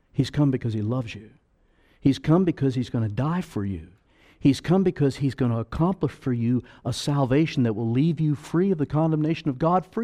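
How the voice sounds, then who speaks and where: Male preacher, fervent sermon delivery, very animated pitch. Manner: fervent, swelling loud on key phrases then dropping low.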